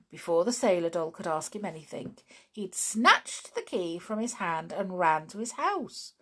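A woman reading a children's story aloud in a gentle, expressive way. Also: lowish voice, unhurried, breathy edge.

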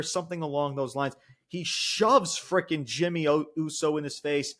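A man with a slightly higher-than-average voice talks through a wrestling recap in loose, excitable commentary. He swears freely and often stumbles and restarts mid-sentence. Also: moderate pace. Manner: excitable, profane, trips over words. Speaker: wrestling show reviewer.

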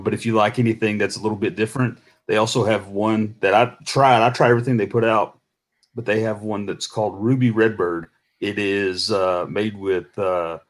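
A man talking laid-back and a little hesitantly as a guest in a casual podcast chat. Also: on the low side. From Texas.

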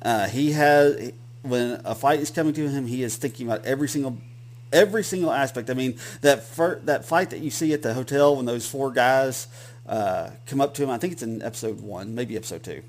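A man's voice: mid-range voice, brisk. A man with a Southern accent, co-hosting a podcast in casual, rambling chat with many restarts. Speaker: podcast co-host.

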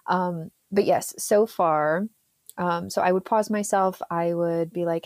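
A woman in her thirties talks through her work life in a relaxed, rambling way, full of "um"s and little laughs. Her voice sits a bit low, and the recording is close and dry, with no room sound. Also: unhurried, dry recording. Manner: chatty, laughs often, many fillers. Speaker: therapist, podcast guest. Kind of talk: casual interview chat.

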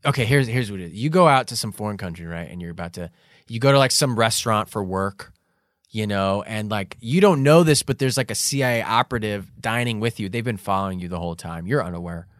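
A man's voice: on the low side, fast talker, no room sound, studio quality. A man co-hosting a casual comedy podcast, telling a joking story in a loose, chatty way. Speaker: podcast co-host.

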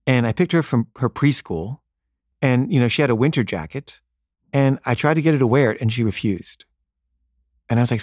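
A man's voice: fast talker, dry recording. Dry-sounding man telling a story. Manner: casual, animated, acts out dialogue with rising pitch. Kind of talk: personal anecdote.

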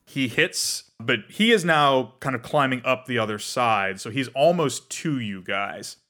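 A man's voice: medium pitch, expressive, bright, forceful tone. A man running a tabletop game as game master, narrating playfully over background music. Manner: playful, doing quick character voices.

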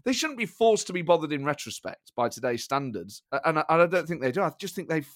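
Nottingham man, podcast guest, lively storyteller, a touch higher than average, dry sound. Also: fast, no echo. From Nottingham, England. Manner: animated storyteller, laughs often. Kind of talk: casual chat.

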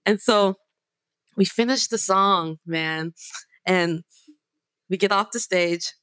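A woman musician telling a story in casual talk, animated, emphatic and full of swearing. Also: mid-range voice, slow pace, clear, resonant tone, dry recording. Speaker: singer and guitarist.

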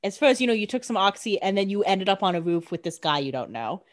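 A young woman co-hosting a podcast, chatting casually about a TV episode with quick jokes and plenty of "like". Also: medium pitch, sing-song. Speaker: podcast co-host. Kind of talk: casual recap chat.

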